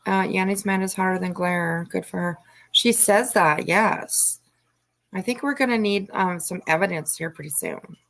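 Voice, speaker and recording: A woman's voice: lowish voice, unhurried, vocal fry, fairly bright tone. A woman hosting a casual live stream, chatting and teasing as she reads out viewer comments.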